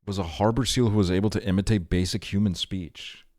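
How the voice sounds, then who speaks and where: Man streamer, very low voice, dry close sound, reads aloud and reacts bluntly, swears offhandedly. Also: fairly even intonation, fairly quick, a little mellow, no room sound.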